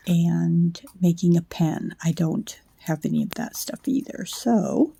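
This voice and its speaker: A woman hosting a casual craft how-to at home late at night, sleepy, soft and unhurried, often slipping into a whisper as she works. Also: fairly low pitch, gravelly, slightly rough. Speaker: craft channel host.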